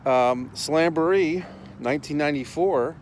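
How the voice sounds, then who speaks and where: A man's voice: on the high side, measured pace, a little hiss or hum, poor audio. Blunt, profane man ranting outdoors. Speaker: host. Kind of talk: casual rant. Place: outdoors, walking in town.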